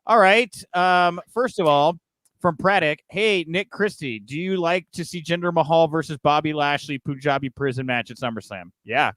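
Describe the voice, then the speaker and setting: Male podcast host, relaxed joking delivery, higher-pitched, dry close mic. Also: normal speed, no echo. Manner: loose and joking, with frequent fillers. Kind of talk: casual live news chat, reading viewer comments.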